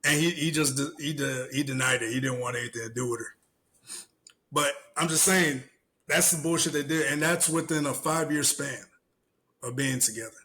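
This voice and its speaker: A man co-hosting a casual podcast, telling animated stories, acting out the people he quotes and swearing freely. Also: mid-range voice, normal speed. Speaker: podcast co-host. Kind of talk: casual chat.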